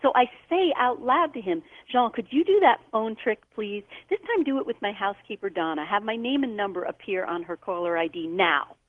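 Woman guest, expressive storyteller, acts out quoted voices, dry tinny phone line. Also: mid-range voice, brisk, hardly any pauses, no echo. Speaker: guest author. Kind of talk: storytelling on a call-in show.

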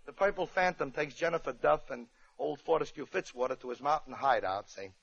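A man hosting a radio show, telling a comic story with wry, deadpan asides. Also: medium pitch, fairly quick, gravelly, slightly rough. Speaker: comedian host. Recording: muffled old radio broadcast with band music.

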